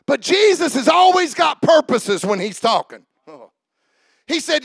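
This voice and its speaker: A man preaching a sermon, animated and shouting, joking with the congregation. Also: very high-pitched, measured pace, gravelly, no room sound. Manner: animated, shouting preaching with laughs and audience calls.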